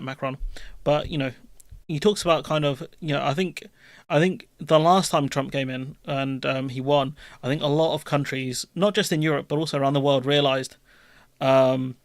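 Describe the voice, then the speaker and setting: A man's voice: a little high, no echo. A young man chatting casually on a live political stream, rambling with restarts and offhand swearing.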